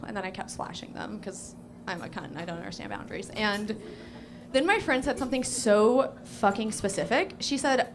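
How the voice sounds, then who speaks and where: A woman's voice: fairly high pitch, animated, moderate pace, slight background noise. A young woman doing a crude, self-mocking stand-up set on a small cafe stage, with lots of fillers. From Portland, Oregon. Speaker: stand-up comedian.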